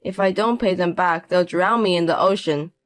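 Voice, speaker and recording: A man's voice: high-pitched, normal speed, fairly bright tone, dry recording, soft background music. A man in his fifties voicing a broke, desperate ex-husband who talks in a pleading, self-pitying way, in a narrated audio drama. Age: 50s.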